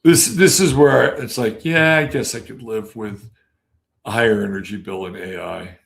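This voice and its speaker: A man's voice: lowish voice, moderate pace, gravelly. A male podcast host talking in a casual, rambling way and swearing freely. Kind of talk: casual commentary.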